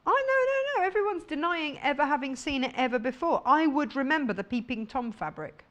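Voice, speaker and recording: A woman's voice: high voice, expressive, brisk, a bit bright. A woman presenting fabrics on a live shopping channel, chatty and jokey, laughing often.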